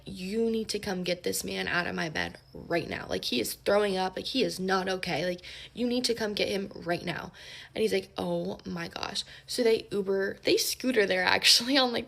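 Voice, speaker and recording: A woman's voice: mid-range voice, creaky, fairly bright tone. A young woman telling a casual storytime, chatty and full of "like" fillers. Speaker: storytelling creator.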